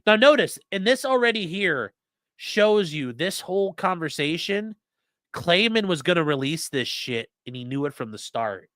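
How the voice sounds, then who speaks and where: A man's voice: sits high, sing-song, moderate pace, fairly bright tone, no echo, studio quality. A man hosting a comedic legal commentary show, animatedly retelling a deposition and acting out the lawyers' lines. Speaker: podcast host.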